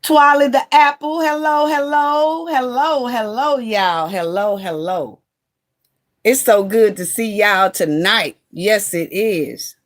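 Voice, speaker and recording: A woman's voice: a little high, takes it slowly. Chatty woman greeting livestream viewers. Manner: chatty, greets viewers by name, fiddles with phone setup. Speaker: livestream host. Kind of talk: casual livestream chat. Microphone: phone.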